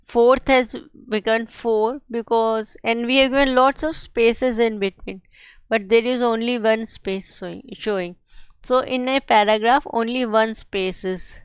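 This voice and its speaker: A woman teaching a coding tutorial, explaining each step slowly and carefully. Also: a little high, clear, resonant tone, dry recording. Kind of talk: screen-share coding tutorial.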